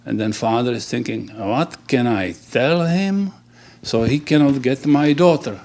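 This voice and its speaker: Halting man telling dirty jokes. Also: mid-range voice, a little mellow. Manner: halting, restarts words, laughs at own punchlines. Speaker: joke teller.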